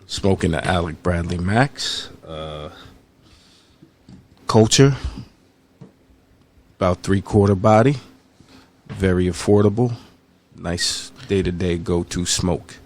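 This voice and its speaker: A man's voice: low-pitched, slow pace, long pauses. A man co-owning a cigar lounge, chatting casually and telling stories in a laid-back way. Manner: relaxed, laid-back storytelling. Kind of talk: casual chat.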